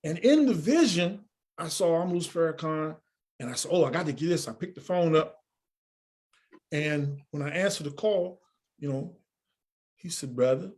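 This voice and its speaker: Man, podcast guest, higher voice, earnest storyteller who acts out dialogue. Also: moderate pace, pauses often. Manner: earnest, animated storyteller acting out quoted dialogue. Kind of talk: storytelling in an interview.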